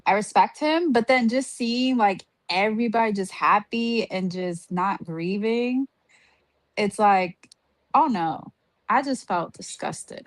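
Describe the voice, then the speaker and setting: A woman's voice: mid-range voice, slow, dry recording. A woman co-hosting a show review, ranting in an exasperated way with lots of "like" and fillers. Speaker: podcast co-host. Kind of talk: casual review chat.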